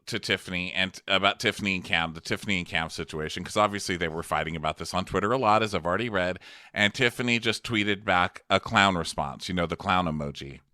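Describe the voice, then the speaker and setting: A man's voice: sits low, fast, pushed and bright, dry recording, clean studio sound. A man co-hosting a podcast, recapping a TV show in casual chat, sarcastic and exasperated, swearing freely. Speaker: podcast co-host.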